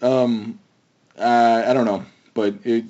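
A man's voice: medium pitch, level tone, slow pace, mellow, highs cut off. A man co-hosting a casual movie chat, rambling and restarting his sentences. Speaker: podcast co-host.

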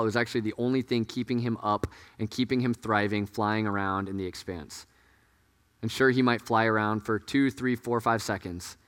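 A man preaching a sermon as pastor, earnest and conversational, often dropping to hushed tones. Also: medium pitch. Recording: echoey hall.

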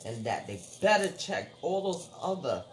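Guy retelling a court hearing to a friend, kinda high voice, rambly, keeps quoting people. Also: very animated, normal speed, slight background noise. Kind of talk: casual chat.

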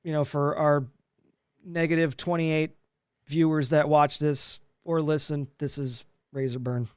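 A man's voice: on the high side, little pitch movement, measured pace, clear, resonant tone, no echo, clean studio sound. A man co-hosting a podcast in casual chat, joking and self-deprecating, swearing casually. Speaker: podcast co-host.

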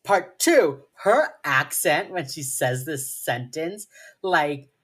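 A woman's voice: deep voice, animated, slow, fairly bright tone, breathy edge. A woman co-hosting a podcast, chatting casually as she recaps a TV episode, playful, swearing freely and filling her talk with "like". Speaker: podcast co-host.

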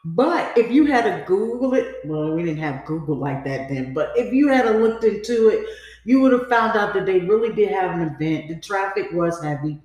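A woman hosts a podcast and tells her own story in a loose, confiding way. She leans on "you know" and "like" and acts out the lines others said. Her voice sits at a middle pitch and rings in a very echoey room. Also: lively intonation, moderate pace, a little mellow. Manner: casual, confiding, acts out quoted dialogue; frequent fillers like "you know" and "like". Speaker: podcast host. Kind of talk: personal storytelling.

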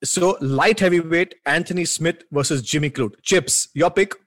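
A man's voice: a little high, normal speed, fairly bright tone, no echo, clean studio sound. A man co-hosting a sports podcast, joking with his co-host and sometimes announcing like a ring emcee. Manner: announcer-like, teasing. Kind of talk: casual sports chat.

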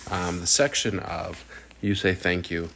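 A man's voice: low voice, steady tone, measured pace, creaky, a bit bright, slight background noise. A man who teaches third grade, talking casually about classroom methods in a loose, rambling way with plenty of fillers.

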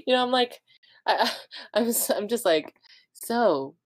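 A woman's voice: a little high, normal speed, no room sound. A woman hosting a podcast in casual chat, bubbly and laughing often with lots of fillers. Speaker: podcast host.

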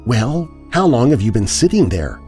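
A man's voice: medium pitch, big pitch swings, moderate pace, darkish tone, faint music behind, pitched above the performer's own voice, lightly acted. A man voicing a bold, blunt young girl in a raised voice. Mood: sharp.

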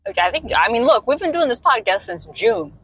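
A woman's voice: on the high side, big pitch swings, fairly quick, a bit bright, breathy edge. A woman from the United States co-hosting a podcast in casual chat, talking in a chatty, rambling way. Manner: chatty, leans on "like" as a filler. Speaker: podcast co-host.

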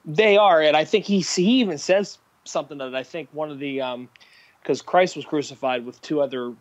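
A man's voice: fairly high pitch, fairly quick, no room sound, lo-fi sound. A man in casual podcast chat, mostly adding brief agreement and wry quips. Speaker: podcast co-host.

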